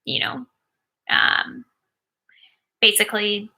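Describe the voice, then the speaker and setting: A woman's voice: medium pitch, flat delivery, slow, bright, forceful tone. A woman in her thirties, a sports agent, casually answering viewer questions while watching a game, with many ums and likes.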